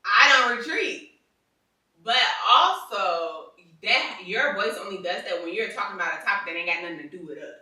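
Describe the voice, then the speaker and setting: A woman co-hosting a casual chat with her husband, talking animatedly in slang and getting louder as she gets into a topic. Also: medium pitch, normal speed, very echoey, distant mic, rough recording. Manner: animated, slangy, gets loud when passionate. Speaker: podcast co-host.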